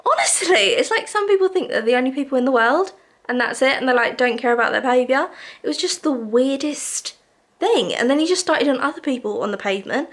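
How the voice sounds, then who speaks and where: A woman's voice: sits high, animated, a little fast, fairly bright tone. A woman talking casually to camera in a vlog, shaken and a little tearful, chatting with lots of fillers. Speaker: vlogger.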